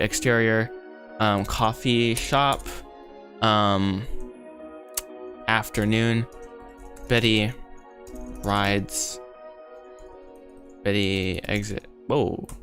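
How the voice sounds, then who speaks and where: A man livestreaming as he rewrites his animated film script, thinking aloud in a rambling, self-deprecating way that easily goes off track. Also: lowish voice, slow, pauses often, faint music behind. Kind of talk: casual live-stream thinking aloud.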